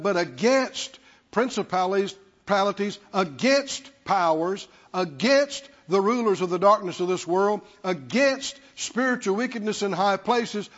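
A man preaching a sermon as pastor, stressing words through repetition and prompting the congregation to respond. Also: high-pitched. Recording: dull lo-fi sound with long hall reverb.

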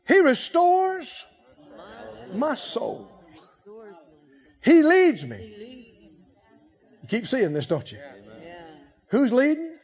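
A man's voice: very high-pitched, sing-song, takes it slowly, pauses often. A man preaching a sermon with emphatic calls for the congregation to answer back. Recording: slightly muffled recording.

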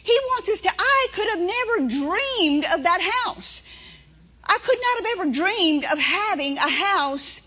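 A woman preaches in a very high, bright voice. She tells homespun stories and acts out inner voices as she makes her points. The recording is dull and lo-fi. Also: lively intonation, a little slow. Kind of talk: sermon.

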